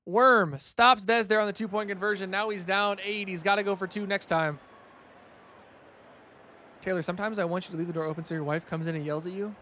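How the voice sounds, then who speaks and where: A young man giving casual play-by-play commentary on a video game match, excitable on big plays and chatting with his stream viewers. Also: sits high, moderate pace, slight background noise. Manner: excitable, rising loud on big plays, chatty asides to chat.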